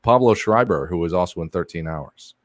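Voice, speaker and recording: A man co-hosting a casual podcast, talking in a rambling, hesitant way with many pauses and restarts. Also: deep voice, expressive, no echo, studio quality. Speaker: podcast co-host. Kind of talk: casual chat.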